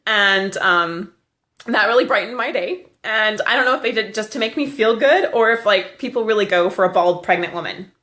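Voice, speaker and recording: A woman's voice: medium pitch, normal speed, pushed and bright. Chatty woman telling funny stories. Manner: chatty, laughs often. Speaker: vlogger. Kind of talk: casual storytelling. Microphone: handheld camera.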